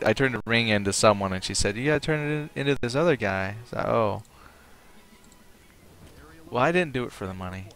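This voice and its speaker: A man's voice: lowish voice, a bit bright, clean tone. A man streaming a game live, chatting casually, thinking aloud and reading out viewers' comments. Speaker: livestream gamer.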